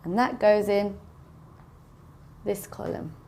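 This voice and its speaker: A woman teaching English pronunciation in a slow, careful way, saying each word twice for learners. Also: mid-range voice, warm tone. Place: classroom with a board.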